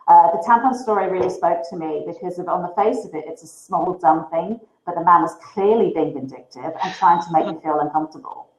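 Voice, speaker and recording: A woman's voice: fairly low pitch, brisk, few pauses, echoey room, poor audio. A woman moderating a panel conversation, reading out audience questions and thanking the guests.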